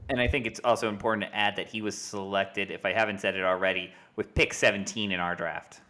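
Male podcast host, lower voice, easygoing, steers the chat. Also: fairly even intonation, fast, sharp tone. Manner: easygoing, leads the discussion.

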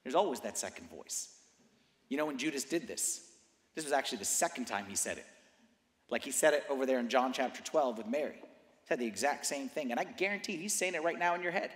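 A man preaching a sermon as a priest, moving from quiet conversational asides to loud, fervent declarations. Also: medium pitch, expressive, a little fast. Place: church. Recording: roomy church hall reverb.

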